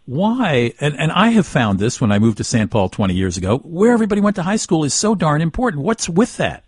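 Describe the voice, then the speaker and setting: A man hosting a radio travel show, talking in a relaxed conversational way with small hesitations. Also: on the high side, a little fast, breathy edge, dry recording, clean studio sound. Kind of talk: radio interview and read sponsor spot.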